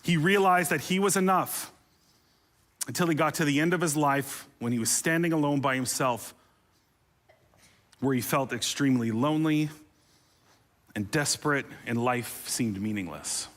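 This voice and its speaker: A man's voice: fairly high pitch, expressive, moderate pace, long pauses, a bit bright. A man preaching a sermon as pastor, conversational and humorous, with playful asides and rising intensity on emotional appeals.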